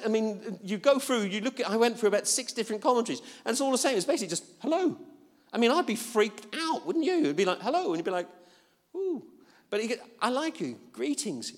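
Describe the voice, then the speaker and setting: A man preaching a sermon in a casual, conversational way with playful asides. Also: fairly high pitch. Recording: long reverb of a hall.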